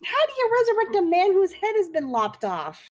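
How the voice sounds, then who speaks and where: A woman's voice: very high-pitched, huge pitch swings, a little fast, a little mellow, muffled recording, a little hiss or hum. A woman playing a tabletop game, thinking aloud as she checks rules and her sheet. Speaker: player.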